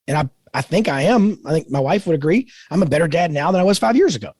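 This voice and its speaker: A man's voice: on the high side, fast, slightly rough, no room sound. A middle-aged man co-hosting a faith-based podcast, talking earnestly and animatedly about growing as a dad. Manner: earnest, animated storytelling with quoted voices. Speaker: podcast co-host.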